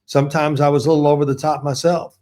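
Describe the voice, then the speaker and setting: An older man, a guest on an interview show, telling animated stories and laughing as he goes. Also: fairly high pitch, quick pace. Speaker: guest, former quarterback. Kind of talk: storytelling in an interview.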